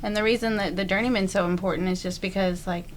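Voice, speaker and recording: A woman of middle pitch talks candidly as an interview guest. Her manner is blunt and unfiltered, with easy laughter breaking in between thoughts. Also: steady tone, fast, slight background noise. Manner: blunt, frank, laughs easily. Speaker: podcast guest.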